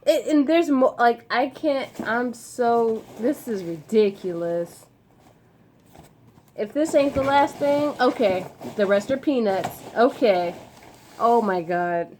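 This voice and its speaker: A young woman with a slightly high voice unboxes gifts in a casual vlog, taking her time between phrases. She talks in an effusive, slangy way that keeps tipping toward tears. Her throat sounds a little dry. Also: takes it slowly, a little hiss or hum. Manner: excitable, emotional, slangy and effusive.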